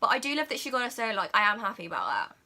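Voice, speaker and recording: A young woman chatting excitedly as a vlogger, gushing and filling her talk with "like" and "oh my God". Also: a little high, racing. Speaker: vlogger reviewing a film. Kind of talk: casual chat.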